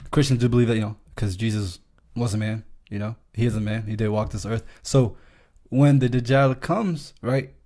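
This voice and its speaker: A man's voice: mid-range voice, normal speed, warm tone. A man chatting casually on a podcast about faith, with lots of "you know" and frequent affirmations. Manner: conversational, many fillers and affirmations. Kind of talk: casual religious discussion.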